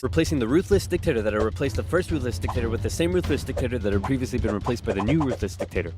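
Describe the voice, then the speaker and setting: Lively man narrating comedic history. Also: medium pitch, soft background music. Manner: lively, quick switches between silly character voices. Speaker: narrator doing all the voices.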